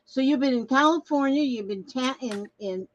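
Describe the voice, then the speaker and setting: A woman's voice: sits high, normal speed, no echo, muffled recording. Chatty older woman, dry close sound. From Minnesota, US. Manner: chatty, reads viewer comments aloud, trails off and restarts. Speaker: craft livestream host. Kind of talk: casual livestream chat.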